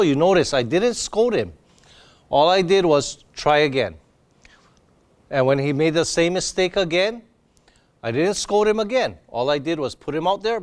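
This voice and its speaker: A man demonstrating dog training, explaining each step in a patient, plain way while he works with his dog. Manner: bursts into high excited praise for the dog.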